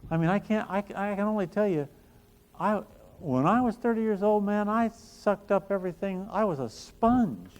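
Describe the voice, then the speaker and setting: A man's voice: high voice, animated, moderate pace, a little mellow. A middle-aged man giving a motivational talk on a conference stage, telling folksy stories with self-deprecating jokes. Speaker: speaker at a chiropractic business conference. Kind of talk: motivational talk to a live audience.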